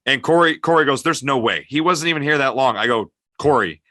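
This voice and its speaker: A man's voice: medium pitch, animated, a little fast, pushed and bright, no echo, studio quality. A man with a Michigan accent hosting a podcast, rambling casually through stories and laughing at his own punchlines. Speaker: podcast host.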